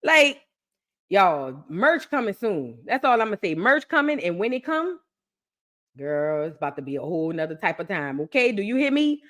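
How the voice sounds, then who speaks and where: A young woman chatting excitedly with her viewers on a live stream, repeating phrases for emphasis. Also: medium pitch, normal speed. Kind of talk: casual live-stream chat.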